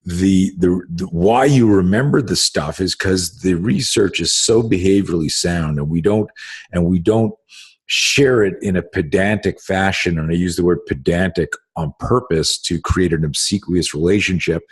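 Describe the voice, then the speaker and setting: Man, podcast host, very low voice, husky, emphatic, swears freely, keeps restarting sentences. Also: normal speed. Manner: emphatic and profane, with frequent restarts. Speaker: host and self-defense instructor. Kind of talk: casual podcast conversation.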